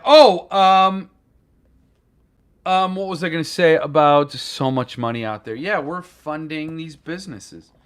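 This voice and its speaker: A man's voice: a little high, bright, forceful tone. A man hosting a casual live stream about books, rambling and joking as he reacts to chat comments. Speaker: booktuber host.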